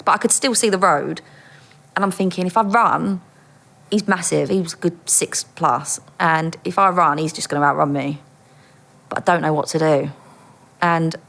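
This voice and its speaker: A woman with a slightly low voice tells a story as an interview guest. She is a former undercover police officer and talks with bright energy, throwing herself into the quoted lines and laughing often. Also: vocal fry. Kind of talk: animated anecdote telling.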